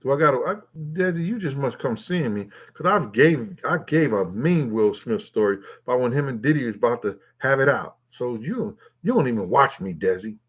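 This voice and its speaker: A man's voice: medium pitch, animated, moderate pace, hardly any pauses, slightly rough. A man hosting a live stream, reading viewers' comments aloud and answering them in a loose, profane, rambling way. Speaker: livestream host reading chat. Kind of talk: casual live-stream chat.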